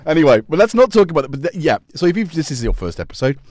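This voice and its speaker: A man's voice: on the high side, sing-song, very fast, a little mellow, no room sound. A man hosting a casual live stream, rambling and joking, drifting off on tangents and talking to his cats. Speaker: livestream host.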